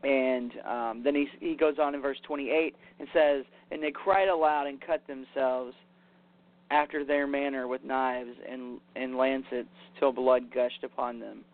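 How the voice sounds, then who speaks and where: A man's voice: medium pitch, steady tone, a little slow. Man preaching casually over a tinny line. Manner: conversational, paraphrases scripture with "basically" and "you know". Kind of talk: casual sermon with scripture reading. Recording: tinny phone-like sound.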